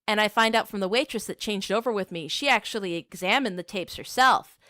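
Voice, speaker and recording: A woman's voice: mid-range voice, fairly quick, sharp tone, dry recording, studio quality. A young adult woman streamer telling a rambling personal story in casual chat, with plenty of filler words.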